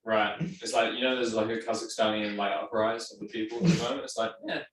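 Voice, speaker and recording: A man co-hosting a casual comedy podcast, tossing in dry, deadpan one-liners. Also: fairly low pitch, fast talker, roomy sound, recorded from a distance, slight background noise, poor audio.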